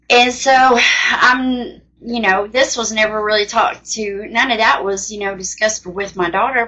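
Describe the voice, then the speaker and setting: A woman's voice: medium pitch, a bit bright, muffled recording. A woman casually sharing a personal testimony as a mother, in an earnest, plain-spoken and rambling way.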